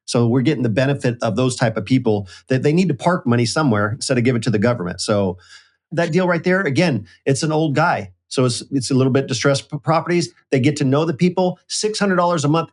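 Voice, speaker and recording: A man's voice: on the high side, quick pace. A man, a real estate investor guest, explaining deals in an emphatic, casual way. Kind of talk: casual conversation.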